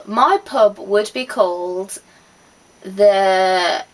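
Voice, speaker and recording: A woman's voice: mid-range voice, drawn-out words, rough recording. A woman, chatting casually to camera with easy laughs and trailing asides. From West Midlands, England. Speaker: vlogger.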